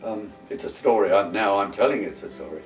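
A man's voice: lowish voice, fairly quick. Older man telling a war story. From London, England. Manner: lively storyteller with folksy grammar and asides. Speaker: interviewee, wartime veteran. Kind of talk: casual spoken recollection. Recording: roomy, distant mic with faint guitar music.

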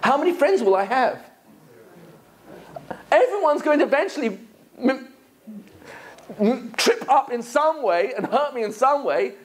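A rabbi from England giving a lively lecture to an audience, asking many rhetorical questions. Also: male voice, very high-pitched, a little slow, pauses often.

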